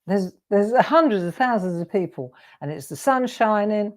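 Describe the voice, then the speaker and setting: Chatty English woman, lively storytelling. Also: mid-range voice, moderate pace. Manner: laughs often, rambling anecdotes. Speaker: host of a live crafting show. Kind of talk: chatty storytelling while crafting.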